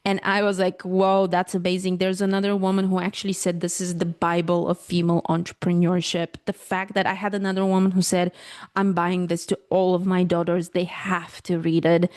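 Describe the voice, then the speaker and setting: A woman with a Balkan accent speaks as the guest in a relaxed interview, her voice a little congested today. She talks earnestly and deliberately, and she leans on measured pauses. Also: lowish voice. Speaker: author and guest. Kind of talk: casual interview conversation.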